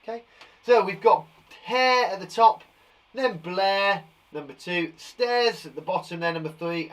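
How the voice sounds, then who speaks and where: A man teaching a live online lesson for young children from a garden shed, upbeat and warmly encouraging, chatting with a puppet. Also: fairly high pitch, recorded from a distance. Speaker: primary school teacher.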